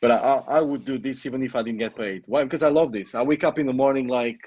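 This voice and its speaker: A man's voice: medium pitch, fast talker, slightly rough, no echo. A middle-aged man with a foreign accent, English not his first language, giving an emphatic motivational coaching talk that repeats points and swears casually. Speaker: online marketing coach. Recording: dull lo-fi audio.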